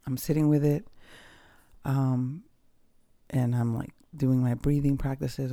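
A woman hosts her own podcast from home, speaking in a loose, candid and reflective monologue. Her voice has a gravelly, mellow texture, and she often trails off, restarts and fills pauses. The sound is close and dry. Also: low-pitched, fairly even intonation, dry recording. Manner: candid, rambling, with frequent fillers and restarts. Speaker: podcast host. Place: at home, dogs nearby.

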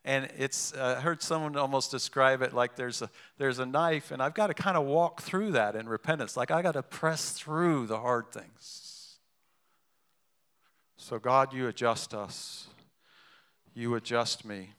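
A man's voice: mid-range voice, measured pace, a bit bright, clean tone. A man preaching a sermon in a conversational way, with asides and restarts. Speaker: pastor.

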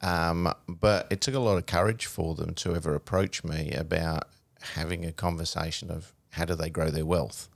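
A man's voice: sits low, fairly even intonation, moderate pace, gravelly, no echo. A middle-aged man hosting a studio interview, talking in a conversational way with fillers and restarts. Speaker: show host.

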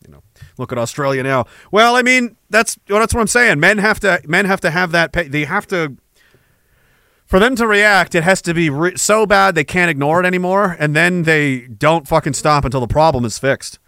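A man's voice: high-pitched, animated, moderate pace, pushed and bright, no echo, studio quality. A man hosting a podcast, chatting casually and reading viewer comments, profane and joking. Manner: profane, joking, slips into put-on accents. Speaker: podcast host. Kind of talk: casual livestream talk reading chat.

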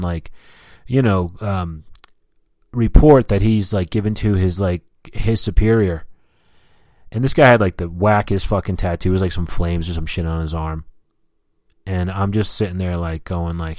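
A man's voice: low voice, normal speed, darkish tone, dry recording, studio quality. A man hosting a solo talk, ranting about daily annoyances with heavy swearing and mocking asides. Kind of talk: solo profane rant.

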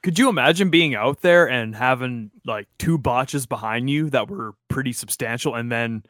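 A man co-hosting a casual podcast, relaxed, trailing off into wry asides. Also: mid-range voice, moderate pace, no room sound, clean studio sound. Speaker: podcast co-host. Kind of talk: casual chat.

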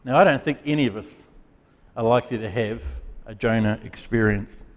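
A pastor delivers an earnest, emphatic sermon punctuated by dramatic pauses. His voice is mid-range, with a long reverb tail.

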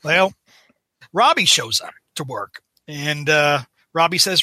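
Bright-voiced man recapping haltingly. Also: fairly high pitch, animated, dry recording. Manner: halting, full of "uh" and "um", chuckling. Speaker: podcast guest and comic reviewer. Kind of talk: casual chat, recapping a comic.

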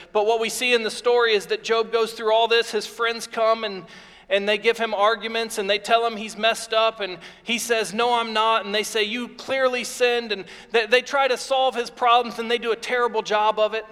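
A man's voice: high voice, sharp tone. A man preaching a sermon as pastor, earnest and repetitive in his phrasing. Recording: long reverb of a hall.

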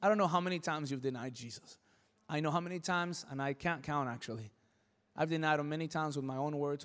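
A male pastor preaching a sermon, asking rhetorical questions and building to loud emphatic peaks. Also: fairly high pitch, big-room sound.

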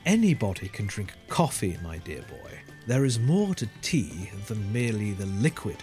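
A man's voice: on the low side, very animated, moderate pace, darkish tone, soft background music. A man playing a pompous, tea-loving old professor. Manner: pompous, formal, mannered. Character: fussy, tea-loving older male professor.

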